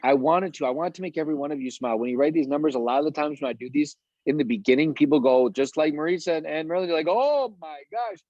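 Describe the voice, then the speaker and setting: Eager rambling man, somewhat high voice, coaching a team over a dull, dry call line. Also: rapid-fire, few pauses, a little mellow, no room sound. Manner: eager, rambling, many fillers.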